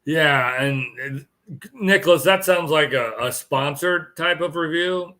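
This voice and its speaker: A man's voice: a little high, unhurried, bright, forceful tone. A tired man hosting a casual live stream chat, rambling and chuckling as he greets viewers. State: tired, yawning.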